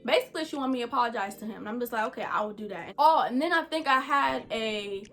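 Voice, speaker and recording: A woman vlogger telling a casual storytime, animated and chatty, full of slang and asides to viewers. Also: on the high side, fast talker, soft background music.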